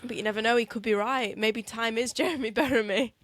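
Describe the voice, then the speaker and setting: Young woman, animated and teasing. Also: on the high side, fast talker. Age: young adult. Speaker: podcast co-host. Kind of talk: casual chat.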